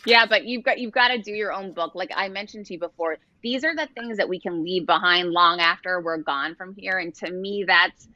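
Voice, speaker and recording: A woman's voice: lowish voice, a little fast, few pauses, no room sound, muffled recording. A middle-aged woman, a guest author, telling stories in a casual interview and acting out quoted dialogue. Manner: animated storyteller, acts out quoted dialogue.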